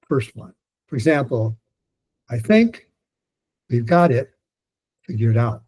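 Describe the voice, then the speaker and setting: Older male teacher, warm husky voice, patient step-by-step demos of stretched sounds. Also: medium pitch, low-quality recording. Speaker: pronunciation teacher. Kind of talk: online lesson with demonstrations.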